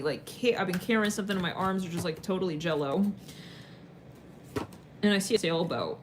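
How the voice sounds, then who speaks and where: A woman's voice: fairly low pitch, brisk, long pauses, background noise. A woman giving a casual tarot reading, rambling and slangy, with lots of filler words and casual swearing. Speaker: tarot reader.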